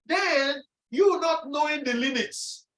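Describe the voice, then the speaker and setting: A woman's voice: high voice, slow, fairly bright tone. Emphatic woman lecturing in an echoey room. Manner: emphatic, repeats key phrases, acts out inner voices. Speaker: speaker presenting on resilience. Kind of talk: motivational lecture. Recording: echoey room, distant mic.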